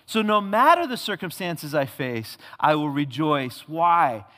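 A man's voice: a little high, big pitch swings, a little slow, bright, forceful tone. A male pastor preaching a sermon with emphatic repetition and rhetorical questions, recorded in a church sanctuary. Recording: long hall reverb.

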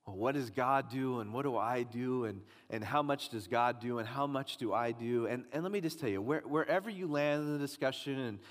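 A man's voice: mid-range voice, brisk, few pauses. A man preaching a sermon as pastor, emphatic and pressing his points with repetition. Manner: emphatic preaching, rising and pressing on key lines. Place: church sanctuary. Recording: long reverb of a large hall.

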